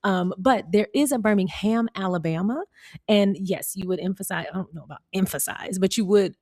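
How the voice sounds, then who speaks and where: A woman's voice: medium pitch, a little fast, darkish tone, no echo. An American woman vlogger chatting casually with her viewers and reading an article aloud, laughing often. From United States.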